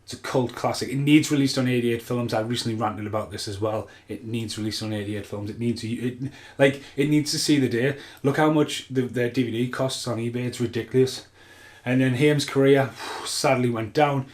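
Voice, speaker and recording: A man's voice: mid-range voice, steady tone, normal speed. A man hosting his channel, chatting casually in a rambling, self-mocking way. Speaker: channel host. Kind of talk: casual chat.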